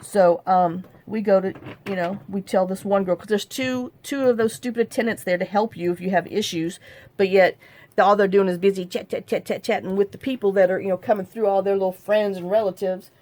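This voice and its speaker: A woman's voice: medium pitch, steady tone, a little fast, a little mellow. This is a middle-aged woman, chatting on camera as she works on a craft project. She rambles through her story, circling back with fillers and restarts, in an easygoing, talkative way. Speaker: crafting vlogger. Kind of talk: casual chat while crafting.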